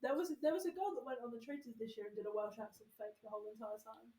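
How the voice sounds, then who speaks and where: A woman's voice: on the high side, very fast, distant mic, a crowd in the background. Playful woman off mic in an echoey room. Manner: lively, playful, trying out accents. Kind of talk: casual chat.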